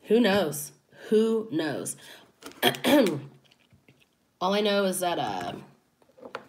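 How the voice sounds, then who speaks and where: An animated woman riffing in a laid-back commentary vlog, laughing often. She takes her time with every thought, and her voice swoops up and down as she talks. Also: fairly low pitch, slow pace, long pauses, a little hiss or hum. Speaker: commentary YouTuber. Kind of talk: casual commentary.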